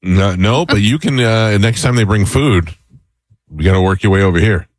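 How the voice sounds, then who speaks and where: Low-voiced male radio host, teasing. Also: no echo. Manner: loose, teasing, drawn-out fillers. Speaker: radio morning show host. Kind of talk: casual on-air banter.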